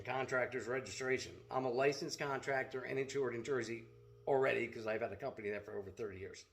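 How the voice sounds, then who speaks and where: Middle-aged man with a rough, gravelly edge, venting bluntly and with plenty of swearing to his viewers. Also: mid-range voice, fast, a bit bright, slight background noise. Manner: blunt, profane, storytelling rant. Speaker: self-defense product seller. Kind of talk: casual vlog rant.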